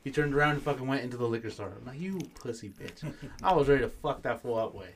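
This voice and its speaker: A man co-hosting a podcast, telling a profane, animated story and mixing in Spanish phrases. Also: mid-range voice, racing, slight background noise. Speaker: podcast co-host. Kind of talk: casual storytelling chat.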